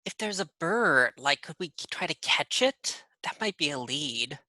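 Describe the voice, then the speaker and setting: A player at a tabletop game, chatting casually and checking details with the game master. The voice is bright and mid-pitched. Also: lively intonation, moderate pace, no echo. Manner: careful, asks to clarify.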